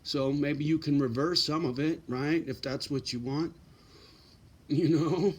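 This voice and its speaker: A man's voice: fairly high pitch, fairly even intonation, measured pace, husky. A middle-aged man giving blunt, profane advice in a casual straight-talking monologue, often tagging lines with "right?" and "you know".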